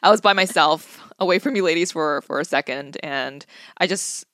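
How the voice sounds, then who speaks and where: A woman's voice: low-pitched, normal speed, a bit bright, no echo, clean studio sound. A young mother co-hosting a podcast, chatting expressively and laughing often. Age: young adult. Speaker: podcast co-host. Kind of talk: casual chat.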